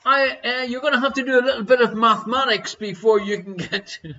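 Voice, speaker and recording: Jokey quiz host. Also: male voice, extremely high pitch, fairly even intonation, fairly quick, bright, forceful tone, lo-fi sound, slight background noise. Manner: jokey, chuckles between questions. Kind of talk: live-streamed quiz chat.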